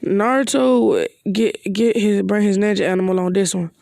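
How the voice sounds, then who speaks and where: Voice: mid-range voice, normal speed, creaky, darkish tone, no echo, clean studio sound. A casual fan storyteller making up an anime what-if plot on the spot, rambling and hesitant with slangy asides. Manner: rambling, hesitant, slangy with many "you know" and "bro". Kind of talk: improvised fan-fiction narration.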